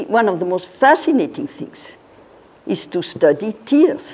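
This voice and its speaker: A woman gives a religious philosophy lecture in a mellow, dark-toned voice, pressing her points with emphasis and rhetorical questions. The recording is muffled and lo-fi. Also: on the low side, slightly rough. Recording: dull lo-fi recording.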